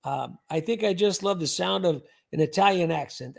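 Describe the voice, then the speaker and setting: A man's voice: high voice, normal speed, creaky, hardly any pauses. An older man hosting a casual livestream, chatty and rambling, with plenty of fillers. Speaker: host.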